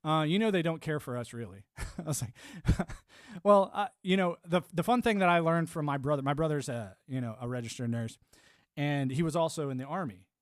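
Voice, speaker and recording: A man's voice: fairly high pitch, normal speed, dry recording, studio quality. A man in his forties ranting on a live stream, rambling and swearing, with lots of "you know". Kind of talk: ranting monologue.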